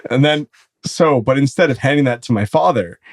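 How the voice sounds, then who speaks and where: A man's voice: medium pitch, fairly quick. A man, host of a casual podcast, telling a rambling, profane story. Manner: rambling, profane storytelling, often breaking into laughter.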